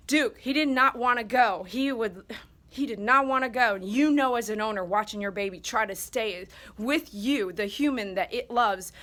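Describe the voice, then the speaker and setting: Bright-voiced woman dog groomer telling a story. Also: fairly high pitch. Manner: emphatic, heartfelt storytelling. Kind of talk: casual vlog monologue.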